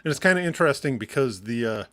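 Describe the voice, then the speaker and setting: A man from Michigan co-hosting a casual live entertainment show, excitable and swearing freely, laughing often. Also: mid-range voice, quick pace. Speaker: co-host. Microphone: wired mic on a short cord.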